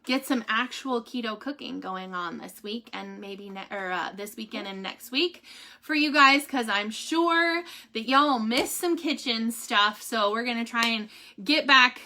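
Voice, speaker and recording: A woman's voice: a little high, measured pace, bright, forceful tone. A young woman chatting casually to her viewers and reading a devotional aloud, with lots of fillers and restarts. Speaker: vlogger giving a family update.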